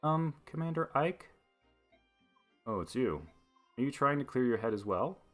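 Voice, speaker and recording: Man reading an earnest young lady knight, soft, mid voice, faint music. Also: medium pitch, expressive, moderate pace, close to an everyday voice. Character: earnest young noblewoman knight, quiet and sincere.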